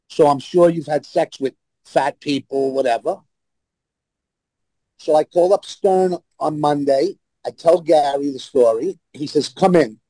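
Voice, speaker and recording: A man's voice: fairly high pitch, dark tone, no echo, rough recording. A man with a New York accent telling blunt, brash stories as a talk-show guest. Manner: brash, blunt anecdotal storyteller. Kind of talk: casual storytelling.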